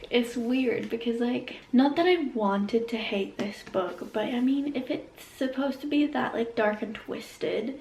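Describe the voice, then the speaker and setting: A young woman in her twenties talks to her phone camera at home, rambling and self-deprecating about the books she's reading. Her voice drops into a gravelly fry, and there is a faint hiss under the recording. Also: on the high side, darkish tone. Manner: chatty, filler-heavy, self-deprecating. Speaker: book vlogger. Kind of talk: casual chat to camera. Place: bedroom at home.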